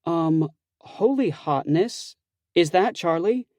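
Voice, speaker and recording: A man's voice: fairly high pitch, expressive, slow, a little mellow, no room sound, studio quality, voice pushed up. A man reading an audiobook, voicing a bubbly, playful teenage girl. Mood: awed. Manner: bubbly, teasing. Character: eager teenage girl, playful best friend.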